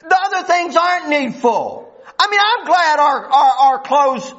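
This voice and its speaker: High-voiced, lively preacher man. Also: a little slow. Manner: folksy, rising into fervent preaching. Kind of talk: sermon. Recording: dull lo-fi recording.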